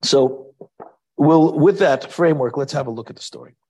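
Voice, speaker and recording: A man's voice: on the high side, normal speed, darkish tone, breathy edge. A man teaching a Torah class in a conversational style, asking rhetorical questions and quoting Hebrew verses.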